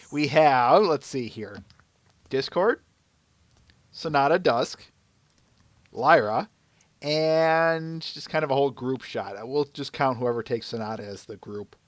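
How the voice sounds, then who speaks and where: A man hosting a casual podcast chat, jokey and quick to laugh. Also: mid-range voice, no room sound. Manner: giggly, animated, jokey. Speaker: podcast host.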